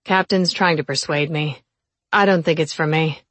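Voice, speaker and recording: A woman playing a steady police officer brother speaks plainly, with a slight grumble in his lower tone. The sound is close and dry. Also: normal speed, no echo. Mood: earnest.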